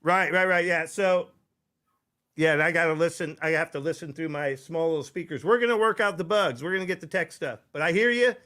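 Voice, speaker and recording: A man's voice: fairly high pitch, brisk, bright, forceful tone. A middle-aged man hosting a live internet radio show, chatting casually and rambling with restarts and frequent "right?". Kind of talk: casual live-stream chat. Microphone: desk microphone.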